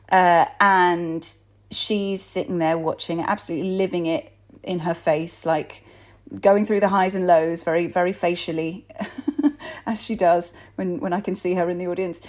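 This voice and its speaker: A woman's voice: on the low side, moderate pace, darkish tone. A woman in her thirties, a stage actor and accent coach, telling a chatty, self-deprecating anecdote with lots of ums. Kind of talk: casual anecdote.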